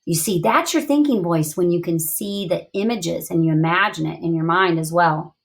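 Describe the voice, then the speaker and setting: A woman teaching a reading lesson to young students, thinking aloud with big, expressive reactions to the text. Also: on the low side, moderate pace, vocal fry.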